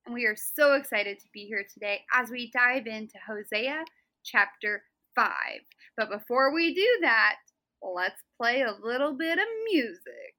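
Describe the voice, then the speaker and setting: A woman's voice: on the high side, animated, a little slow, pushed and bright, rough recording. A young woman co-hosting a casual Bible study podcast, bubbly and giggly as she explains the text. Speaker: podcast co-host.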